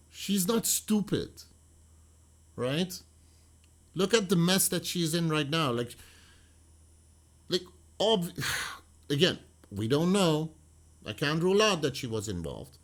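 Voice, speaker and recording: A man commenting on a video in an animated, argumentative way, often acting out quotes. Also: fairly high pitch. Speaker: true crime reaction commentator. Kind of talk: reaction commentary.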